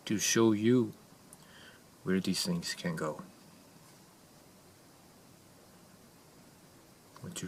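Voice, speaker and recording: A man playing an intense, earnest male motivational guru who speaks broken English and swings between whispers and loud outbursts, in a character monologue to camera. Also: deep voice. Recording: distant mic with faint ambient noise.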